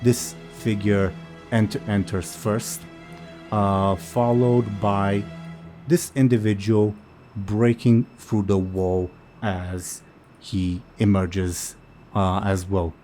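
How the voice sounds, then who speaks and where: A man narrating a tabletop game as game master, unhurried and halting with many fillers. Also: fairly low pitch, little pitch movement, warm tone, faint music behind.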